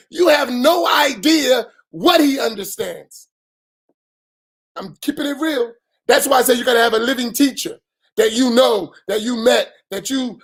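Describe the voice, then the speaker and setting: A middle-aged imam from the United States gives an emphatic talk after the dawn prayer, packed with rhetorical questions and bursts of raised voice. His male voice is very high-pitched.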